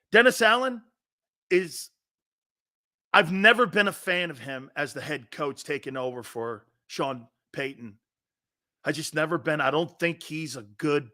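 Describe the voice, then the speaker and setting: Sports talk host, middle-aged man: bright, high voice, animated storyteller who laughs a lot. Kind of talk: casual sports talk show.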